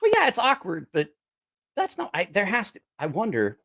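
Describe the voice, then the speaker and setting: A middle-aged man talks casually to the camera, swearing often and poking fun at himself. His pitch jumps around in a lively way while he thinks aloud about the gear he is testing. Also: moderate pace. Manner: rambling, profane, self-mocking. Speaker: musician testing a voice effects box. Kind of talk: casual vlog chat.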